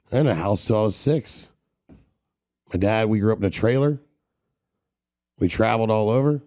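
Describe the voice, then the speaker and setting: A man's voice: mid-range voice, mellow, dry recording, studio quality. A man hosting a podcast interview, blunt and profane, challenging listeners directly with motivational talk. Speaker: podcast host.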